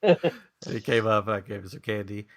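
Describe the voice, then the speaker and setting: A man's voice: on the low side, moderate pace, vocal fry. A middle-aged man co-hosting a casual podcast, telling stories with lots of laughter and putting on a raised voice for the people he quotes. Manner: animated, acts out quotes in a raised voice, laughs often. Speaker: podcast co-host. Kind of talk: casual chat, storytelling.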